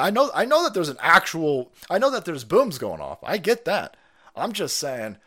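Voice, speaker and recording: Man, livestream host, profane mocking rant, lively swooping voice, fairly high pitch. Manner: foul-mouthed, mocking, swings between shouting and muttering. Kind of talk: profane ranting commentary.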